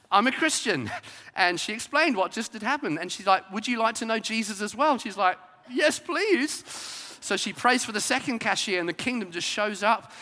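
A man preaching a sermon, emphatic, rising to loud declarations and dropping to soft asides. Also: high voice. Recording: long hall reverb.

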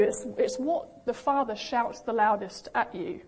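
A young woman preaching a sermon in a lively, animated way, acting out the voices she quotes. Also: a little high, measured pace, few pauses. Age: young adult.

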